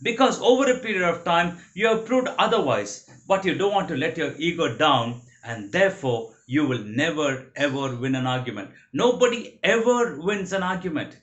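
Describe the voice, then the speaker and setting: Guy lecturing a training class, fairly high voice, keeps repeating the main rules. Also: expressive, moderate pace, hardly any pauses, fairly bright tone, dull audio. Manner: didactic, repeats key principles. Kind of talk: motivational training talk.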